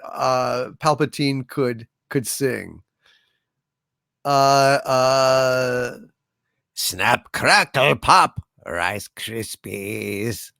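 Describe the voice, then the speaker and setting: A man's voice: fairly high pitch, pushed and bright, no room sound, studio quality. A man hosting a live stream, reading out viewer super chats, playful and self-mocking, a bit tired. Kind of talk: casual live-stream chat.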